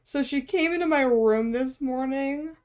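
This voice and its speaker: A woman's voice: high-pitched, a little slow, a little mellow. A woman streaming while she draws. She chats casually, teases herself, swears offhandedly and laughs often. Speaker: art streamer. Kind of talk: casual live-stream chat while drawing.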